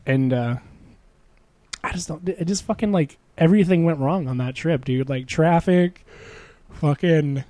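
A man's voice: a little high, a little slow, pauses often, warm tone, no echo. A young man chatting casually with a friend, rambling, swearing a lot and laughing often. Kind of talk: casual chat.

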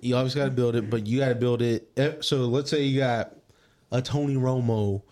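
A man with a middle-pitched voice talks casually on a podcast. He explains things in halting bits, repeating words as he gropes for them. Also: steady tone, a little mellow. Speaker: podcast co-host. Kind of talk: casual chat.

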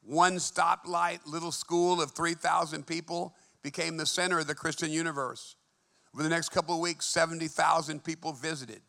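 Gravelly, bright-voiced male preacher. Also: a little high, steady tone, normal speed. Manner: fervent preaching, swinging between hushed and emphatic. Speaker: pastor. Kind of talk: sermon. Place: church.

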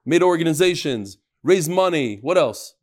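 Male rabbi running a class for a live room, slightly high voice, animated and joking. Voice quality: animated, jokey, quick shifts in pitch. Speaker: rabbi leading a daily Talmud class. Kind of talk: lively class talk, reading out messages.

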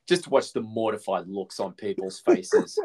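A man's voice: lowish voice, a little mellow, husky. A man co-hosting a podcast, chatting casually about a film, swearing a lot and rambling through restarts. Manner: laid-back, heavy swearing, rambling restarts. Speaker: podcast co-host. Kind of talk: casual movie chat.

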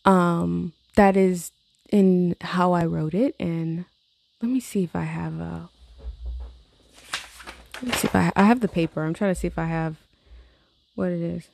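Swearing, rambling woman with vocal fry. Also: fairly low pitch, unhurried, pauses often, a little mellow. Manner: rambling, swears casually, laughs often. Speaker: songwriter vlogger. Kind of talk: casual chat to camera.

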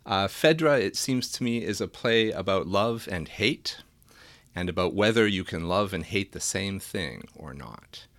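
A man with a deep, low voice co-hosts a podcast in a casual academic discussion. He explains slowly and thoughtfully, stopping often with fillers and restarts. The sound is close and dry, with no room around it. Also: fairly bright tone, no echo. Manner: thoughtful, hesitant, with frequent fillers. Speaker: podcast co-host.

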